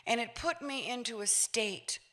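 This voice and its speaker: A woman in her sixties giving a public talk, telling a personal story in an animated way and acting out voices with laughs. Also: a little high, moderate pace. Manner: lively, acts out voices, laughs while telling. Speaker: featured speaker.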